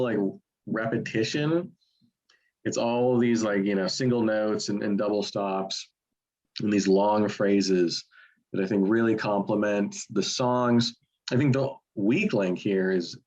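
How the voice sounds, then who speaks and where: A man with a fairly low voice gives his take on a record in loose, opinionated chat. He wanders through his thoughts with plenty of fillers and restarts. The recording is somewhat muffled and lo-fi. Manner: rambling, many fillers and restarts. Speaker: album reviewer co-host. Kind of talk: casual opinionated music chat.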